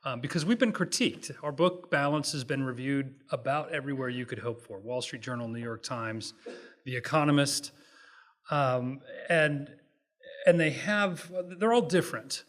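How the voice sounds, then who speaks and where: Middle-aged male speaker at a hotel event, easygoing and joking, halting restarts, mid-range voice. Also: medium pitch. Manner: relaxed, self-deprecating, halting restarts. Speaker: guest speaker, economist. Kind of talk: public lecture with jokes.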